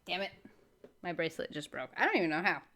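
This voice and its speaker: A young woman from Argentina, chatting excitedly and rambling as she reacts to a comedy clip. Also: fairly low pitch, fast talker. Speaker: reaction video host. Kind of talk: casual reaction commentary.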